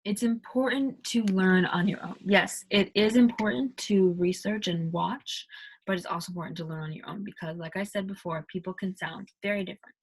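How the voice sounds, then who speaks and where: A woman's voice: mid-range voice, moderate pace, a little hiss or hum. A woman from the United States hosting a casual tutorial video, chatty and rambling, with lots of fillers. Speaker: video host teaching accents.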